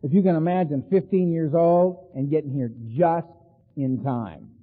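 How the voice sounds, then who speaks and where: Animated man sharing at an AA meeting. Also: on the high side, normal speed. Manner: animated, laughing storyteller, tosses in "right?" and "man". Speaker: AA speaker. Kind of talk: recovery meeting share, storytelling. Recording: phone-like sound in a long-reverb hall.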